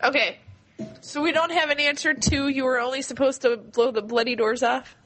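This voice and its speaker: High-voiced woman hosting a podcast quiz. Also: steady tone, normal speed, fairly bright tone, faint music behind. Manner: reads quiz questions, giggles between questions. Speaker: quiz host.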